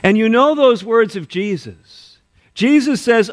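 A man preaching a sermon, quoting scripture aloud and swinging between emphatic rises and quiet drops. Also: sits high, animated, a little slow. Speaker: pastor.

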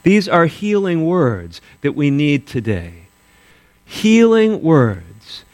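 A man preaching a sermon, quoting scripture aloud and swinging between emphatic rises and quiet drops. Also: fairly high pitch, big pitch swings, slow. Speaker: pastor.

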